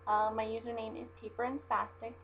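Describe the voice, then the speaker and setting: A woman's voice: on the high side, little pitch movement, fairly quick. A young woman from Southern California with a Southern Californian accent, reading a word list in a casual home vlog, chatty and self-deprecating with frequent ums. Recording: dull lo-fi webcam audio with faint mains hum.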